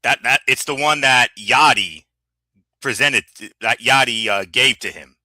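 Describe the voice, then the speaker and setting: A man co-hosting a casual wrestling recap chat, animated and full of stammered restarts. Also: medium pitch, measured pace, no room sound. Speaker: podcast co-host.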